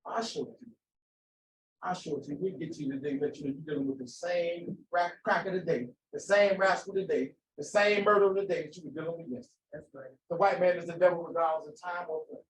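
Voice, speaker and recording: A man with a fairly high voice gives a fiery sermon quickly and in a steady tone, leaning on repeated phrases and rhetorical questions. The distant mic picks up echo and a faint room hum.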